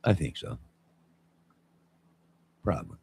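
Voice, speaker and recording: A man's voice: slow pace, darkish tone. A man in his fifties hosting his own channel, chatting in a rambling, jokey way and answering viewers as he goes. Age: 50s. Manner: rambling, jokey, responds to chat. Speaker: channel host. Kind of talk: rambling live-stream chat.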